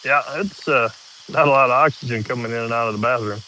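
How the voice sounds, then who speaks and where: Chatty guy livestreaming outside on his phone, bright tense tone, laid back. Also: mid-range voice, quick pace, a little hiss or hum, rough recording. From Iowa, US. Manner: easygoing, chatty, talks while eating. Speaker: livestream host. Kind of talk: casual live commentary. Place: outdoors at a rural property.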